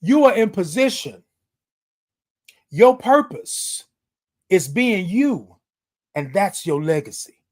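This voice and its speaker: Hosting a live morning show streamed on social media, a man with a high-pitched voice keeps the talk casual. He addresses his viewers directly, affectionate and repetitive, with the cadence of a preacher.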